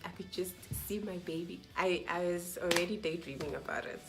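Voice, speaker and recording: A young woman vlogger telling a personal story to camera in a casual, animated way, acting out what people said and sometimes dropping to a whisper. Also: lowish voice, brisk, over music. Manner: animated, acts out quoted dialogue, drops to whispers.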